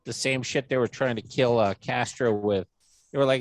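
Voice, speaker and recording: Dude ranting on a podcast, cusses a lot, jumps way up doing other people's voices, dry mic. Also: male voice, moderate pace, no echo. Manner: animated, swearing, jumps pitch for quoted voices. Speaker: podcast co-host. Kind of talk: casual podcast chat.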